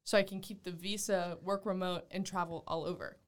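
A woman's voice: on the low side, fairly quick. A woman in her twenties from Texas, a podcast guest chatting casually and animatedly telling a story. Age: 20s. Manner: animated storyteller, acts out quotes, laughs often.

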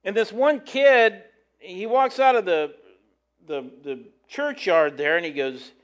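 A man's voice: high voice, slow pace, a bit bright. A middle-aged man, a pastor, telling a rambling story from the pulpit with many fillers and restarts. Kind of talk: casual sermon storytelling.

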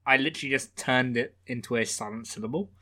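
A man's voice: medium pitch, fast, background noise. Podcast guy, mid voice, jokey, swears a lot, casual. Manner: reactive, swears often, jokey. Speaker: podcast co-host. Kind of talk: casual chat.

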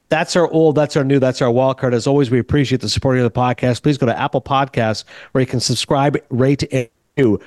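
Fast-talking podcast host man. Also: medium pitch, dry recording, clean studio sound. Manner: animated, acts out quoted dialogue. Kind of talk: casual storytelling.

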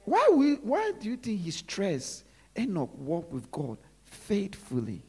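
A preacher delivering a sermon who repeats phrases and drops to low murmurs between emphatic lines. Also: wildly swooping pitch, a little slow, a little mellow, slightly rough.

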